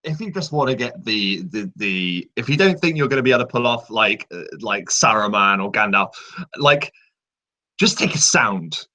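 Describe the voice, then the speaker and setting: A man guesting on a live panel talks in casual chat with a crisp, bright tone. His pitch swings up and down as he explains, and he keeps the delivery animated. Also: normal speed. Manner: animated, laughs while explaining.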